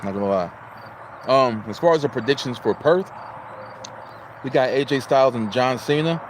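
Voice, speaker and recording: A man with a mid-range voice speaks at normal speed against a noisy background. He's an Illinois native from the US hosting a casual livestream, chatting, greeting viewers, and reading their chat messages out.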